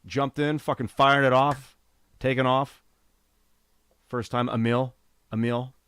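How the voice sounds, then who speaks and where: A man commentating his own card game on a live stream, thinking aloud about his moves in a casual, profane way and getting excited when thanking viewers. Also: medium pitch, unhurried, clear, resonant tone, dry recording, studio quality. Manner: reads out donor names with rising excitement.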